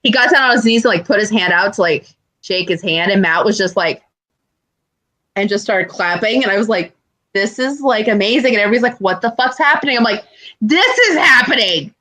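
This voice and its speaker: A woman's voice: medium pitch, a little fast, fairly bright tone. A woman co-hosting a podcast, telling stories animatedly with swearing and mimicked quotes. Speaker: podcast co-host. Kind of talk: casual chat.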